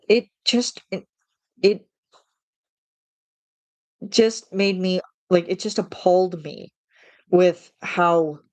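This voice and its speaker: Exasperated low-voiced woman ranting. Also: dry recording. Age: 30s. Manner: exasperated, ranting with frequent restarts. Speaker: vlogger. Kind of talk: casual venting monologue.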